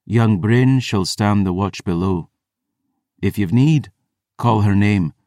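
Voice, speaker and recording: A man's voice: on the low side, slow, dark tone, no room sound, clean studio sound. A man voicing a stern, formal priestess who gives orders in old-fashioned phrasing, in an audiobook. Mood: commanding. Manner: formal, commanding, archaic phrasing. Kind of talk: audiobook character voice.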